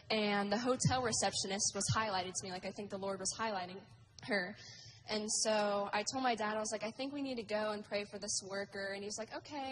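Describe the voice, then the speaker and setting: A woman's voice: mid-range voice, a little hiss or hum, rough recording. A teenage girl sharing a testimony at church, chatty and giggly, with lots of "like"s. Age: teens.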